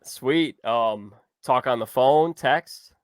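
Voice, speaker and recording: A man hosting a casual interview, asking questions in a relaxed, conversational way. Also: mid-range voice, very slow, clean tone, no echo. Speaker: host.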